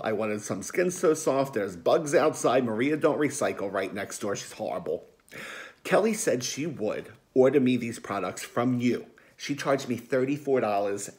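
A man's voice: mid-range voice, close to an everyday voice. A man playing a dramatic, gossipy middle-aged aunt with a Philadelphia accent, rambling and emotional in a comedic monologue. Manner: rambling, chatty, emotional, defensive.

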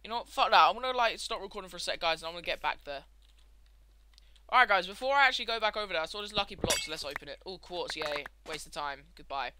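A young gameplay commentator with a high voice talks fast while playing, casually remarking on the action. He swears heavily, rants, and breaks into excitable outbursts, with background noise audible.

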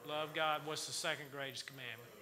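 Male church teacher, sharp ringing tone, folksy Bible-study delivery, echoing sanctuary. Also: on the high side, fairly even intonation, fairly quick, faint music behind. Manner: folksy, quizzes the congregation with questions. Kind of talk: Wednesday night Bible study sermon. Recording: reverberant church hall.

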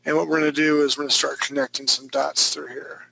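A male instructor narrates a live drawing demonstration in a relaxed, joking manner. His voice is heavily gravelly and sits a little high for a man. It has a bright, forceful edge. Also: fast talker, no echo, low-quality recording. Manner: easygoing and joking, talks through each step.

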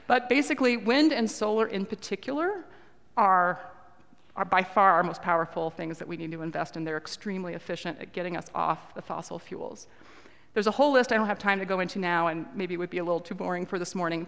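A woman's voice: lowish voice, gravelly. Earnest woman speaking in a reverberant hall. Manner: earnest, conversational, with frequent ums. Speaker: lay speaker at a church service. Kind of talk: earnest talk to a congregation. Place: church sanctuary. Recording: long reverb of a large hall.

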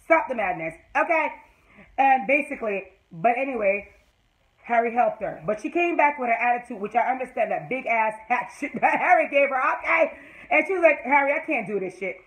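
A woman giving an excited, casual recap of a TV episode, swearing freely and breaking into loud squeals of delight. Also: high voice, poor audio. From Jamaica. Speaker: TV episode reviewer.

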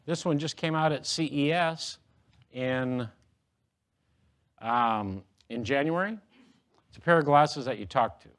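A middle-aged man giving a humorous, self-deprecating speech to an audience, telling jokes and stories. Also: medium pitch. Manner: joking, self-deprecating storyteller. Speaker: motivational speaker.

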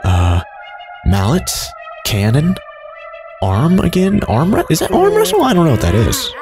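A man giving excitable gameplay commentary, reacting loudly and laughing often. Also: a little high, a little slow. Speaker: let's play gamer. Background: game music.

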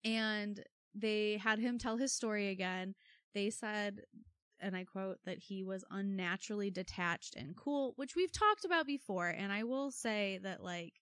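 A woman co-hosting a casual true-crime podcast, telling the story in a wry, animated way. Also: medium pitch, smooth, no room sound, studio quality. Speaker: podcast co-host.

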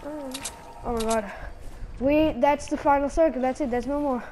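A woman's voice: high-pitched, measured pace, background noise. A woman giving frantic live gameplay commentary as a gaming channel host, repeating her pleas again and again. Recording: loud game gunfire under the voice. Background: gunshots and game sound effects.

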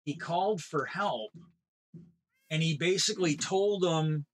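A man chatting casually on a live game stream, wandering through a story with many detours. His voice sits a little higher than most men's. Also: unhurried, low-quality recording. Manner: rambling, meandering retelling. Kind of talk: rambling casual chat while gaming.

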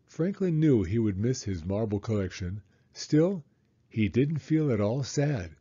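Brief: male storybook reader, mellow and a bit husky, lively delivery, dull lo-fi audio. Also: mid-range voice, unhurried. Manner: expressive, animated reading. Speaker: children's book reader. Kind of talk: storybook read-aloud.

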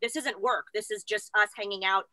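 A woman's voice: mid-range voice, fairly even intonation, pushed and bright, no room sound. A woman co-hosting a casual talk show, bubbly and chatty, calling herself the crier of the group. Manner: bubbly, chatty, quick to tears. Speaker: co-host. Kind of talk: casual chat.

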